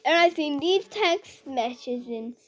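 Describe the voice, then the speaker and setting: Brief: woman, high voice, slow rambling scary-story teller. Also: animated. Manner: rambling, lots of "I was like" quoting. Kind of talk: improvised scary story telling.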